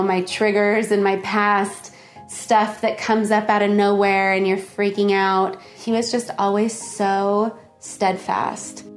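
A woman casually telling a personal story, laughing often and acting out the dialogue in lively voices. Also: mid-range voice.

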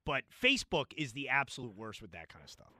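Male call-in radio host, chatty and stumbling, animated delivery, dry close studio sound. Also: medium pitch, quick pace, no echo. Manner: casual, chatty, stumbles and repeats words. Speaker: radio talk show host. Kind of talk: call-in sports talk radio. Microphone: studio microphone.

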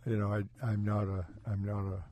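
A man who is a pastor, telling his faith story in an earnest, halting way with frequent restarts. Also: on the low side, monotone, mellow. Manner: halting, self-correcting, earnest. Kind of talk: personal testimony in conversation.

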